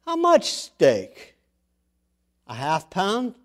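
A man's voice: high-pitched, wildly swooping pitch, drawn-out words, a bit bright, pitched above the performer's own voice, exaggerated voice. A man voicing a friendly butcher who quizzes a dog in a playful, raised voice. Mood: joking. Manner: playful, questioning. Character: bemused male butcher, friendly and joking.

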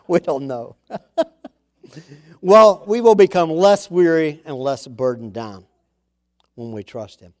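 A man's voice: on the high side, expressive, slow pace, long pauses. A man preaching a sermon to his congregation in a conversational way, with chatty asides and emphatic repeats of key words. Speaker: pastor.

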